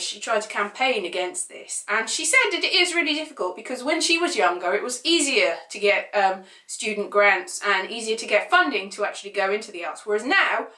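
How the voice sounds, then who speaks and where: A woman with a bright, slightly high voice talks casually to camera. She rambles and offers opinionated, sarcastic asides, and her voice bounces around an echoey room. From United Kingdom. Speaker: vlogger.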